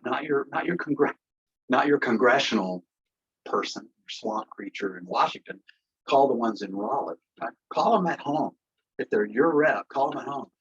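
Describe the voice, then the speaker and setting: A man's voice: medium pitch, slightly rough. A man giving a casual, impassioned and sarcastic livestream briefing as an election integrity activist, talking from an office through a headset. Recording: muffled headset audio.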